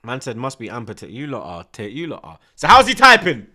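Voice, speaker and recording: A young man, reacting loudly to a live football match and chatting to his stream's viewers, swearing and laughing often in heavy slang. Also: medium pitch, huge pitch swings, fairly quick. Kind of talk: live watchalong commentary and chat.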